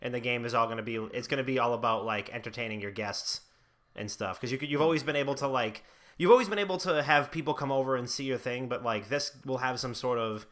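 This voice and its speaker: A young man chats loosely on a gaming podcast, circling his point with fillers and laughing often. His voice has a bright, forward edge. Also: medium pitch, fast. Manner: rambling, laughs often, uses filler words. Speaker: podcast host. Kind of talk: casual podcast banter.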